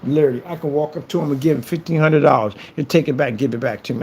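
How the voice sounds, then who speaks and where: A man's voice: fairly high pitch, very fast, few pauses, darkish tone, a little hiss or hum. A man vlogging a casual, boastful rant to camera, taunting his critics and repeating phrases for effect. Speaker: business owner and vlogger.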